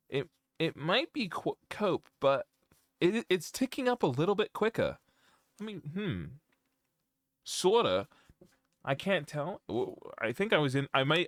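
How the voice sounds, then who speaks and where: Animated, joking male streamer. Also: mid-range voice, no echo. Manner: joking, rambling, reads chat aloud. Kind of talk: casual live-stream chat. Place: at home.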